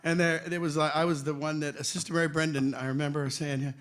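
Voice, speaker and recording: A man in his sixties, a voice actor telling stories on a convention panel, animated and joking with a ready laugh. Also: a little high, fairly quick, few pauses. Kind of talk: anecdotal panel storytelling.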